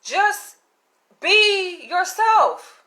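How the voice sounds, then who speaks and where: Reading emails out to her viewers, this woman vlogger vents with blunt, animated exasperation and profanity. She speaks extremely slowly in a very high voice, and the audio quality is poor.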